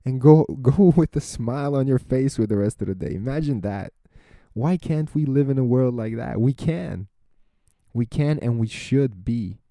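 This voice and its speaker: A man's voice: medium pitch, moderate pace, warm tone, no room sound. A young man hosting his own podcast, talking through his thoughts in an earnest, reflective monologue full of rhetorical questions and restarted phrases. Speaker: podcast host.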